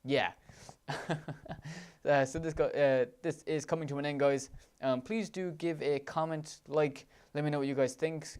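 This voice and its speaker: A man's voice: a little high, steady tone, measured pace, darkish tone, smooth. A man with an Irish accent giving enthusiastic commentary over gameplay footage, gushing about what he sees. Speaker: let's play commentator.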